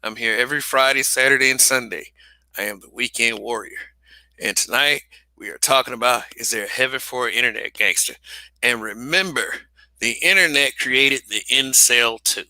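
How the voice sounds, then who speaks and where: A man's voice: medium pitch, moderate pace, bright, forceful tone, dry recording. A man hosting a livestream, talking casually and bluntly, swearing, restarting sentences and repeating phrases for emphasis. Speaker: livestream host.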